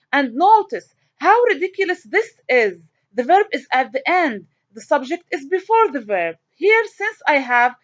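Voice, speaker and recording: A woman teaching a grammar lesson, asking questions and answering them herself. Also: high-pitched. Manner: animated, asks and answers her own questions. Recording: dull lo-fi recording.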